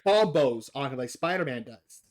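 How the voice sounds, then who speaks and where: A man hosting a casual chat about video games, excitable, swearing freely and talking over his guest. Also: mid-range voice, moderate pace, crowd noise. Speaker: podcast host.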